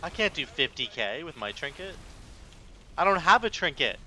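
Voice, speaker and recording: Bright, animated gamer man. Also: a little high, normal speed, slight background noise. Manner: animated, exclamatory, self-mocking. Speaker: gaming content creator. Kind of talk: live gameplay commentary.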